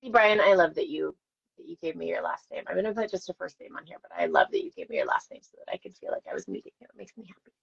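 Talking very fast with huge swings in pitch, a woman with a fairly low, gravelly, husky voice chats on a live stream. She's an actress in her forties signing autographs, telling stories to fans in a chatty, self-deprecating way, over dull lo-fi audio.

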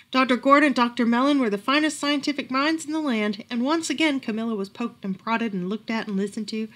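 Expressive woman reading a bedtime story. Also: fairly high pitch. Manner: expressive, lively. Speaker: library storytime reader. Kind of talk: reading a picture book aloud.

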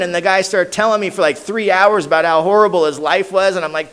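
Guy telling his sobriety story at a meeting, kinda high voice, loose slangy talk, gets real quiet sometimes. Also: quick pace, hardly any pauses. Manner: casual, slangy storytelling, dropping to a hushed voice at emotional moments. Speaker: AA meeting speaker. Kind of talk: personal recovery story told to a crowd. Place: meeting hall.

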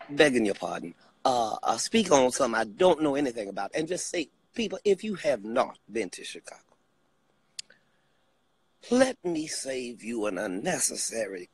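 A man comedian delivering a comic rant, swinging between loud bursts and low asides with preacher-like repeated appeals. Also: big pitch swings, moderate pace, husky.

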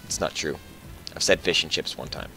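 A man's voice: extremely low pitch, moderate pace, pushed and bright, soft background music. A man hosting a casual let's-play, joking and thinking aloud as he plays. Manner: playful, joking, thinking aloud while playing. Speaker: gaming channel host.

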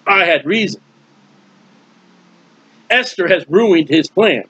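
A man's voice: high-pitched, expressive, slow pace, bright, forceful tone, breathy edge, dry recording, lo-fi sound. A man teaching through a Bible passage in a conversational way, explaining with everyday comparisons and often restarting his sentences. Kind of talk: informal verse-by-verse Bible teaching.

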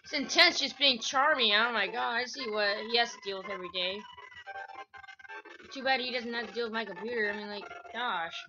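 A woman's voice: on the high side, a little fast, muffled recording. A woman giving let's-play commentary, rambling through asides and breaking into yelps and squeals. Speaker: gameplay commentator. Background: faint game music.

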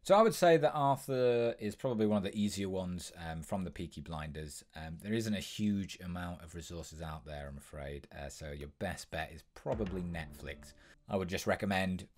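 A young man talks through an impressions tutorial in a brisk, instructive manner, pausing now and then with an um. His voice is low and even. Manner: brisk, instructive, with frequent ums. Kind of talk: tutorial explanation.

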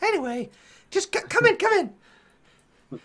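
A man voicing a fussy old female gnome nurse in a fluttery, high, fussing voice. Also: very animated, takes it slowly, fairly bright tone, a little hiss or hum, exaggerated voice.

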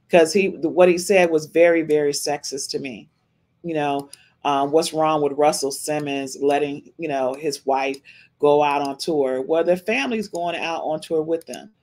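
A woman hosting a podcast, giving casual reaction commentary on a livestream in an emphatic, chatty way and often tossing in a questioning "okay?". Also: low-pitched. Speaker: podcast host.

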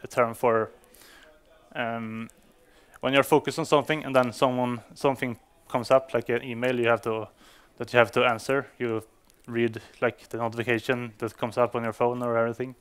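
A man's voice: mid-range voice, flat delivery, moderate pace, clear, resonant tone. A man giving a conference talk to developers, speaking English as a non-native speaker, with frequent fillers and restarts. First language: Swedish. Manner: hesitant, many fillers and restarts.

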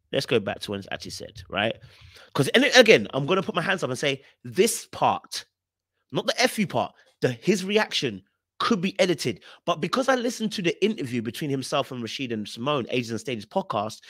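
A man's voice: fairly high pitch, fairly bright tone, no room sound, clean studio sound. A man with a British accent hosting a podcast, giving emphatic, repetitive commentary on reality TV clips. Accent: British English.

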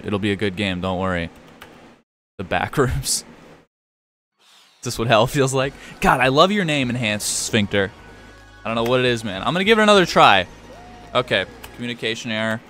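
A young man live-streams a game and banters with his chat in a loose, joking way, dropping casual swears. His voice is bright and sharp, and his pitch leaps around animatedly. Faint music plays underneath. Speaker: gaming streamer.

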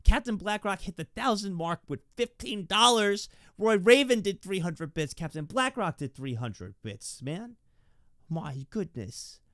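A man's voice: sits high, animated, normal speed, few pauses, fairly bright tone, no echo, clean studio sound. A young man streaming from home, rambling and stammering as he thanks his viewers. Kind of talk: live stream chat.

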